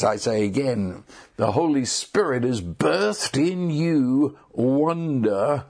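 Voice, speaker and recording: A man delivers a sermon in a gravelly, husky voice. He speaks slowly, stumbling over restarts and repeated words, then rises into excited emphasis. His pace is deliberate and unhurried. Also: medium pitch. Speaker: preacher.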